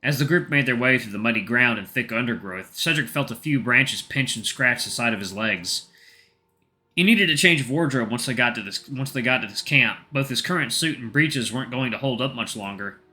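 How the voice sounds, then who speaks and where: A man reads a story aloud for a video, casual and chatty, and corrects himself as he goes. His voice is very bright and forceful, with lively swings in pitch. He keeps the reading loose and unpolished. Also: brisk. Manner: casual, self-correcting, with asides. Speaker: narrator and uploader.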